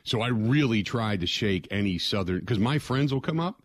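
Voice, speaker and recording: A man's voice: on the low side, expressive, moderate pace, no room sound. An older man from southwestern Ohio hosting a sports radio show, talking casually in a rambling way that circles back on itself with "man, oh man" exclamations.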